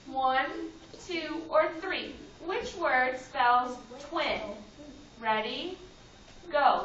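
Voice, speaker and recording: A kindergarten teacher with a high, fairly bright voice leads a phonics lesson for young children gathered on a classroom rug. She calls on students by name and gives firm directions in a sing-song way. The classroom camera picks her up distantly, and the sound is roomy and dull, with children's voices in the background.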